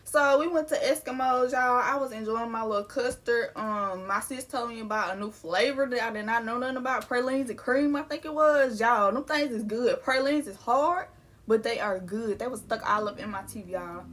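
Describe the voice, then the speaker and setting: A woman's voice: on the high side, moderate pace, fairly bright tone. A young adult woman telling a personal story in a casual, candid way, full of slang and swearing. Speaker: vlogger.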